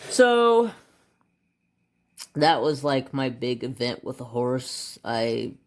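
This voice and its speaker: A man sits coloring and chatting casually, wandering between his choice of colors and a long story from his childhood. He mutters quietly while deciding and grows animated and louder as the story picks up, his voice sitting in an ordinary middle pitch. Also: drawn-out words, pauses often. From United States. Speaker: craft channel host.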